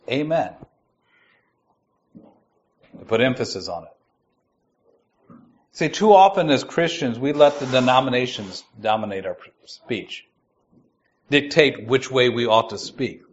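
A man giving a sermon. He reads scripture slowly and stresses its key words. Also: mid-range voice, dull audio. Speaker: preacher.

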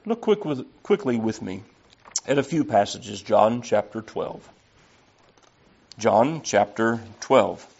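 A man's voice: fairly low pitch, expressive, slow, gravelly, pauses often, darkish tone. A man preaching an earnest, emphatic sermon and reading scripture aloud. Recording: slightly dull lo-fi recording.

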